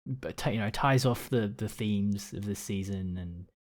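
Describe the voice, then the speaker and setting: Hesitant, low-voiced male podcast co-host. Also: a little slow, darkish tone. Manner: hesitant, searching for words. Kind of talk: casual chat.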